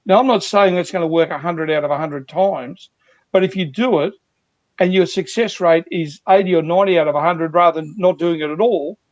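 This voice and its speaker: High-voiced male sales coach, earnest. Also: no room sound, dull audio. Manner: earnest, repetitive, talks through examples. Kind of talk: guest explaining sales techniques.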